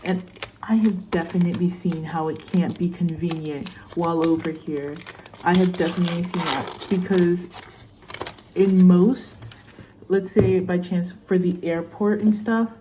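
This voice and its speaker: A woman's voice: fairly low pitch, noisy background. A young woman vlogging casually as a student, chatty and rambling with lots of fillers while she unboxes a laptop. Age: young adult. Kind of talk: casual unboxing vlog chat.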